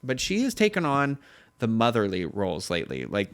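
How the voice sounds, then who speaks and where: A man co-hosting a casual pop-culture news show, rambling and correcting himself, with his voice jumping higher when he gets excited. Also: fairly quick, clear, resonant tone. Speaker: podcast co-host.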